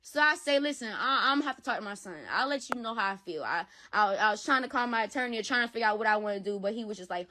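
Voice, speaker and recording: A woman's voice: a little high, animated, fast, sharp tone. A woman guest retelling a personal dispute bluntly, swearing freely and repeating herself. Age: adult with a school-age son. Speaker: interview guest.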